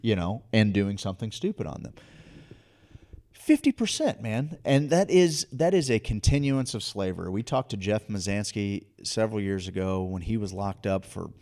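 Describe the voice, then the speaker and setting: A lower-pitched man holds forth as a podcast co-host in loose, casual chat. He rants with real passion and hits his points hard. He often stumbles and restarts mid-sentence. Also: expressive, normal speed, few pauses, a little mellow. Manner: passionate, ranting, emphatic with frequent restarts.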